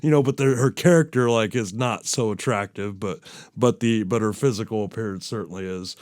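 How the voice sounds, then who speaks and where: A man's voice: fairly low pitch, fairly quick, a little mellow, no echo, studio quality. Rambling man hosting a podcast. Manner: rambling, filler-heavy, self-deprecating. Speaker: podcast host. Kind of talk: casual solo podcast chat.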